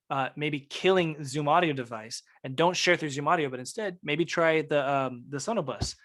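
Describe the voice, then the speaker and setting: Laid-back man teaching music production. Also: mid-range voice. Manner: relaxed, technical explaining with fillers. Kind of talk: casual online workshop teaching. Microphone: video call.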